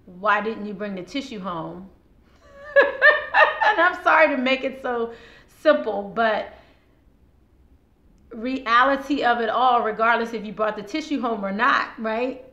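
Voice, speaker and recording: Speaking in a slightly high, bright and forceful voice, a tarot reader with a sore throat chats directly to her viewers during a casual on-camera reading, laughing frequently. The recording is muffled, with roomy echo and faint noise behind her.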